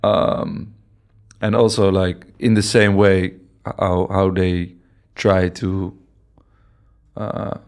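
Man, low pitch, halting casual chat, podcast guest. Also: little pitch movement, darkish tone. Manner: halting, searches for words, many restarts.

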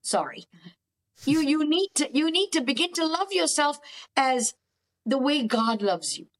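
A woman's voice: sits high, lively intonation, a little slow. A middle-aged woman therapist giving emphatic, preachy faith-based counselling advice as a podcast guest.

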